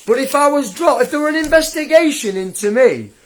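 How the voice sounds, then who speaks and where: Speaking briskly with lively intonation, a high-voiced young man rants angrily on his livestream. His tone is combative and scornful as he mocks his critic, laughing now and then.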